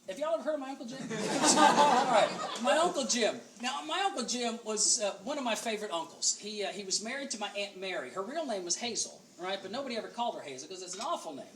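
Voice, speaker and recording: A man gives a funny, self-deprecating keynote at a banquet, his high, expressive voice racing along with hardly any pauses. Recorded far from the mic in a roomy hall, the noisy background carries audible audience laughter.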